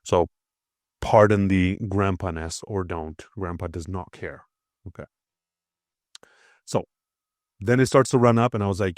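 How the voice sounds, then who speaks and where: A man's voice: lowish voice, normal speed, pauses often, darkish tone, no room sound, clean studio sound. A man hosting a crypto channel, talking casually over a price chart with a slightly nasal voice, blunt and swearing, often checking in with "okay?".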